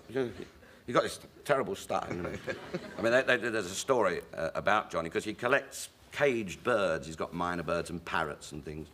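A middle-aged English man, a comic actor and chat show guest, telling stage stories with animated character voices. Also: low-pitched, fairly quick, slight background noise. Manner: lively raconteur slipping into character voices. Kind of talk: anecdotal chat show storytelling.

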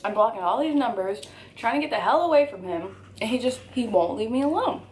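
A woman's voice: a little high, lively intonation, brisk, darkish tone, slight background noise. A young woman in her twenties telling an emphatic, candid story to camera for her channel while eating at home. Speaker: YouTuber.

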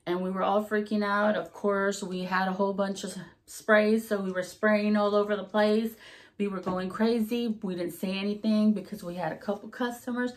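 A woman telling a story from her time running a hair salon. She talks casually and with lots of life, jumping into the voices of the people she quotes. Her voice sits at an ordinary middle pitch for a woman. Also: moderate pace. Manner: animated, acts out quoted voices.

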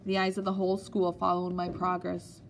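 A woman narrating an audiobook in a steady, measured storytelling manner. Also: fairly low pitch, slight background noise.

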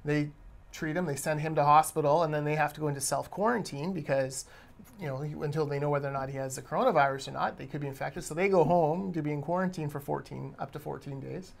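Male podcast co-host with a gravelly, creaky voice; conversational, pointed. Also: on the high side, steady tone, quick pace. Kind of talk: casual discussion podcast.

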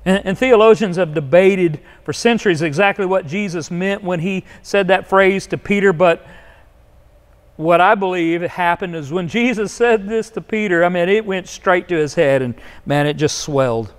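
A man's voice: high-pitched, normal speed, long reverb tail. A male pastor preaching a sermon in a conversational way, often restarting phrases and acting out quotes. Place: church sanctuary.

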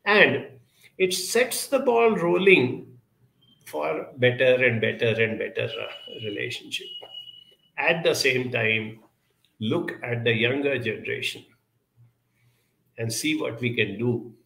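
A man's voice: mid-range voice, animated, measured pace, gravelly, a bit bright, roomy sound. A man giving a counselling talk, answering audience questions in an earnest, advisory way with frequent hesitations.

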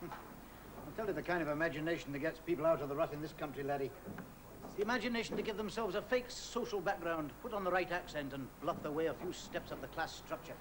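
A man's voice: on the high side, fast talker, natural voice. A man playing a wry Scottish factory hand. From Scotland. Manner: teasing, ironic, fond of fancy words. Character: wry, well-read Scottish factory worker, older man. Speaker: factory worker and union man. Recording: hissy old television broadcast.

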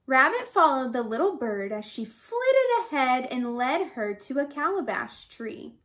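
A woman's voice: high voice, big pitch swings, unhurried, hardly any pauses, a bit bright. A woman reading a folk tale aloud expressively, adding sound effects. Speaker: storyteller.

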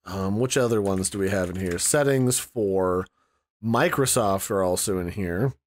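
His voice is low and a little slow as he hosts a casual screen-recorded tutorial. He explains in a loose, rambling way, thinking aloud as he goes.

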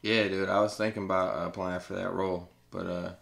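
A man's voice: deep voice, little pitch movement, brisk, vocal fry, crowd noise. A man co-hosting a podcast, trading blunt, profane banter in casual chat. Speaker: podcast co-host. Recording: roomy echo.

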